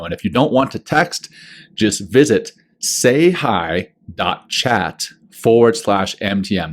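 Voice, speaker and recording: A man co-hosting a podcast, upbeat and chatty as he runs through the show's announcements. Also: low-pitched. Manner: upbeat, plugs the show's channels. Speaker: podcast co-host. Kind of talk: casual podcast chat with show announcements.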